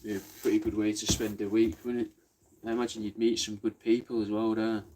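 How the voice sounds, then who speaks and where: A man's voice: fairly low pitch, level tone, brisk, noisy background. A young man hosting a casual craft stream, joking and swearing freely in laid-back banter. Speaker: podcast host livestreaming crafts. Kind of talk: casual chat.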